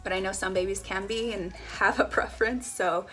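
A woman's voice: medium pitch, steady tone, moderate pace, fairly bright tone, soft background music. A young woman chatting casually as she unboxes baby samples for a family vlog, giggling now and then. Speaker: family vlogger.

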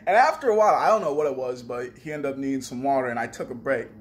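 A man's voice: mid-range voice, lively intonation, quick pace. A young man casually telling a story on a vlog, swearing freely and acting out his own trash talk. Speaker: vlogger.

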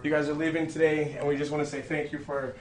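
A man's voice: a little high, flat delivery, quick pace. A man, a tour DJ, handing out sandwiches backstage with mock-ceremonious, hyped speeches. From Detroit. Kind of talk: playful mock-formal presentation. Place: backstage rooms on a music tour. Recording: echoey, off-mic, with crowd noise.

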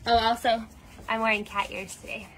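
A woman's voice: a little high, flat delivery, brisk, a little hiss or hum. A woman hosting a casual livestream from inside a cat shelter, chatty and upbeat as she reads out donations. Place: cat shelter room indoors. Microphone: phone.

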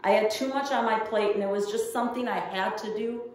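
A woman's voice: mid-range voice, a little fast, a little hiss or hum. Woman preaching in an echoey room. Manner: storytelling, earnest. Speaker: pastor. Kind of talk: sermon. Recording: echoey room heard from far off.

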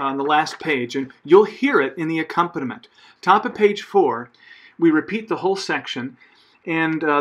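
A man's voice: on the high side, fairly bright tone. A man as a choir director, giving patient spoken rehearsal notes with frequent fillers and self-corrections. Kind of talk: conducting rehearsal instructions.

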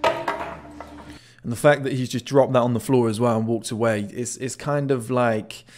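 A man's voice: medium pitch, fairly even intonation, unhurried. A man casually commenting on a video clip, chatty and swearing now and then, often repeating words as he restarts. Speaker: body language analyst.

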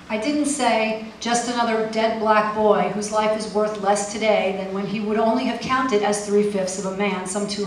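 A woman's voice: medium pitch, a bit bright, slight background noise. A woman poet giving a live poetry reading with a wry, pointed delivery and casual asides between poems. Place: poetry festival venue. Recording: echoey room, mic far off, faint ambience.

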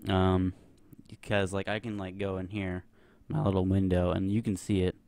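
A man's voice: deep voice, flat delivery, moderate pace, darkish tone, no room sound. A young man giving nervous, rambling commentary while playing a horror game, full of fillers. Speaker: gameplay commentator. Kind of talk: let's play commentary.

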